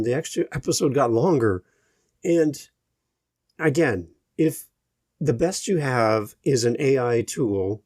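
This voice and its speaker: Slow, gravelly-voiced male podcast host. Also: medium pitch, a little mellow, no room sound, studio quality. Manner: slow, deliberate delivery with long pauses. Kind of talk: solo podcast monologue.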